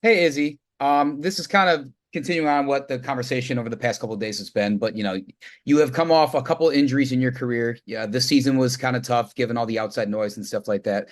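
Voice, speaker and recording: Man sports reporter, mid-pitched voice, asks in a loose rambling way. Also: quick pace. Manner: conversational, rambling, loose phrasing. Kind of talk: press conference question.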